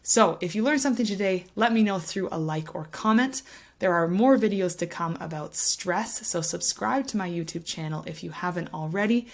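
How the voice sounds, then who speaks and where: A woman teaching English pronunciation to camera, speaking clearly and patiently and tapping out rhythms to demonstrate. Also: fairly low pitch, normal speed. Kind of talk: explaining a language lesson to camera.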